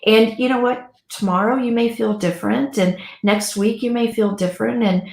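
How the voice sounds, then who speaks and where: A woman co-hosting a talk show, chatting in an animated, gushing way about crafts for grieving children. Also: fairly high pitch, normal speed, gravelly, echoey room. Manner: warm, animated, gushing storyteller. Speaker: pet loss guide and co-host. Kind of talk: casual talk show chat.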